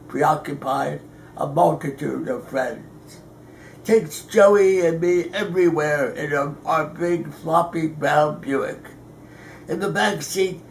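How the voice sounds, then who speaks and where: An older man, a poet, reading his own poem slowly and deliberately on a theater stage. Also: a little high, slight background noise. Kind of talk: poetry reading.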